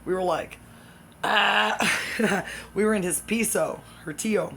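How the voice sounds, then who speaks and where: A speaker delivering a rambling comic monologue that jumps between topics, with excitable outbursts and sudden drops into whispers. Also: medium pitch, normal speed, slight background noise.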